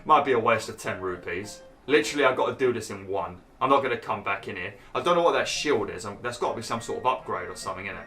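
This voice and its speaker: A man's voice: expressive, fast, bright, forceful tone, faint music behind. A young man commentating on his own gameplay in a chatty way, swearing and yelping when frustrated. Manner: bursts into high exclaims when annoyed. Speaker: gaming YouTuber. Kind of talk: Let's Play commentary.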